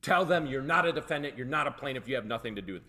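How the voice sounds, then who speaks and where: Guy cohosting a live stream, bright voice, goes all over the place pitch-wise, sarcastic. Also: very fast. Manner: animated, sarcastic, mocking asides. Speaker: co-host of a livestream. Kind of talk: casual livestream commentary.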